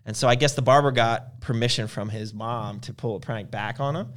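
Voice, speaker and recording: A man's voice: mid-range voice, brisk, fairly bright tone. Chatty man telling rambling stories. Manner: rambling storyteller, acts out quoted voices. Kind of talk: casual chat.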